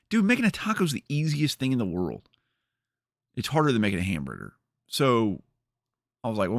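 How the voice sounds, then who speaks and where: A man's voice: on the low side, a bit bright, no room sound, studio quality. A man hosting a livestream, chatting casually and rambling with jokes to his viewers. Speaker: streamer host.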